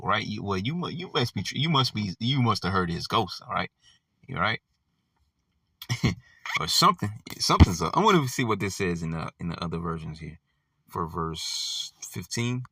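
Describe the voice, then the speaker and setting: A man's voice: fairly low pitch, lively intonation, normal speed, bright, forceful tone, slightly rough, dry recording, far from the mic. Man teaching scripture in a loose, slangy way. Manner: conversational, slangy, frequent "all right?" check-ins. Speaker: bible teacher. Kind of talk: informal bible study.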